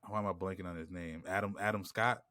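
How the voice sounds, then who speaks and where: A podcast co-host with a New York accent rambles through a casual chat, full of "like" and "you know what I'm saying." His low voice is fast and sharp with fairly even intonation, in a dry recording.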